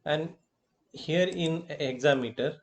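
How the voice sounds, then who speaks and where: Male professor with an Indian English accent, very slow and deliberate, halting delivery with fillers and self-corrections. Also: a little high. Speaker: college professor. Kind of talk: slow lecture on poetic meter.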